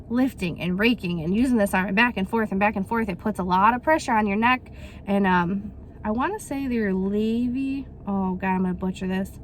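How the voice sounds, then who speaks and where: This thirty-something vlogger talks her way through a product unboxing in a medium-pitched voice, wandering off with filler words and playing out small quotes. Slight background noise is audible.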